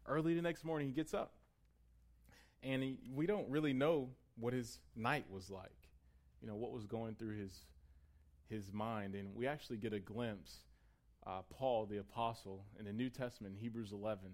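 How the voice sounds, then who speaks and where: A man preaching a sermon in a conversational way. He builds to emphatic peaks and then drops to a quiet, close tone. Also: medium pitch, fairly even intonation, moderate pace. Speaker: pastor.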